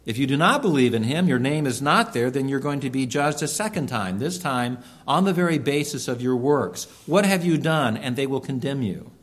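A man preaching a sermon, earnest and emphatic, slowing down to stress key words. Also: mid-range voice, expressive. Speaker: pastor.

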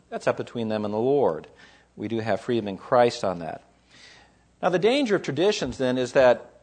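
A man, a pastor preaching a sermon, explaining scripture in an emphatic, teaching way. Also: mid-range voice.

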